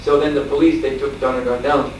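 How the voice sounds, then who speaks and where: Male spiritual teacher, lively storyteller, captured from a distance in a very echoey room with faint noise behind. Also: mid-range voice, fast talker. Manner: animated storyteller, laughing, acting out shouts. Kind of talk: storytelling lecture.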